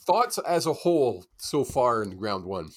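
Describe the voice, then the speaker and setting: A man's voice: medium pitch, big pitch swings, a little slow, no room sound. Podcast co-host guy, teasing banter, voice swings up and down a lot, dry mic. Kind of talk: casual sports chat.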